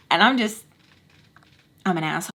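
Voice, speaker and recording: Animated young woman telling a story. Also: medium pitch. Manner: animated, slangy, acts out every quote. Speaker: vlogger. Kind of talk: casual storytime.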